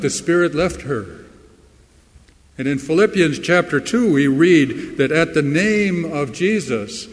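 A man preaching a sermon as pastor, slow and emphatic, with dramatic pauses and swelling emphasis, in a church sanctuary. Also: mid-range voice. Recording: long hall reverb.

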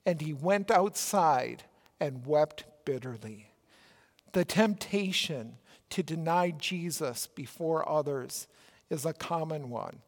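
Minnesota accent pastor guy preaching slow, kinda high voice, lots of reverb. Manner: earnest, emphatic preaching with slow deliberate pauses. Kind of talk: sermon.

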